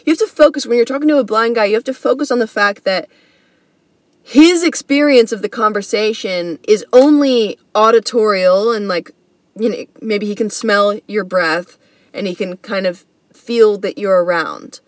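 A woman's voice: medium pitch, normal speed, no room sound. A woman hosting a comedy podcast, telling a story in a slangy, earnest, casual way. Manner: slangy and earnest, says bro and dude.

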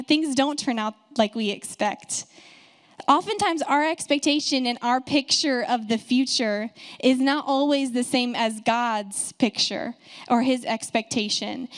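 High-voiced woman pastor preaching warmly. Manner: conversational, encouraging, asks the congregation questions. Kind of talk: sermon.

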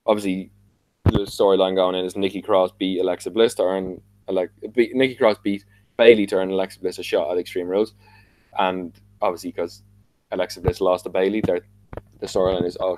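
A man's voice: deep voice, darkish tone, no room sound, rough recording. A man with an Irish accent casually recapping a wrestling show on a podcast, rambling with lots of fillers and restarts. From Ireland.

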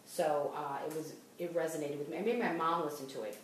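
Boston-accented middle-aged woman host, chatty, lower voice, recorded far off in a very echoey room. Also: a little fast, a little hiss or hum. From Boston area. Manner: chatty, restarts often, laughs while talking. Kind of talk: casual podcast chat.

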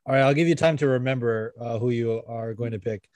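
A man's voice: medium pitch, a little fast, a little mellow, no echo. Rambling, laughing male podcast host. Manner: rambling, laughs often, swears. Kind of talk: casual chat.

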